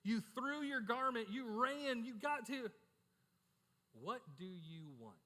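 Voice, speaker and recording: A preacher putting on a loud, chummy Jesus. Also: male voice, very high-pitched, lively intonation, takes it slowly, pitched above the performer's own voice, exaggerated voice. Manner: chummy, calls him "bud", loud and rising. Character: Jesus as an easygoing, warm-hearted man calling out to a beggar. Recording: echoey church hall.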